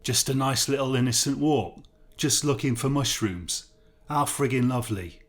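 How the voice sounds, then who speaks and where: A man's voice: medium pitch, moderate pace, close to an everyday voice. Guy playing a sarcastic tough prisoner, mocks everything, slangy and distrustful, story reading. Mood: mocking. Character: sneering streetwise male prisoner, mocking and distrustful.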